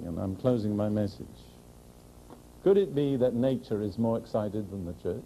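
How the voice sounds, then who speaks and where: A man preaching to a congregation in a dark, mellow voice. He stays earnest and direct, asks questions of his listeners, and slows to proclaim scripture. A faint hiss runs beneath the recording. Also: mid-range voice, poor audio. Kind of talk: sermon.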